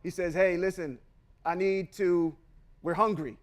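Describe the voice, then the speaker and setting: Male podcast host with a high voice, reads scripture, then argues it in punchy, slangy asides. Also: fairly even intonation, a little slow. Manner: emphatic, confrontational, slangy asides. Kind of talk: scripture reading with casual commentary.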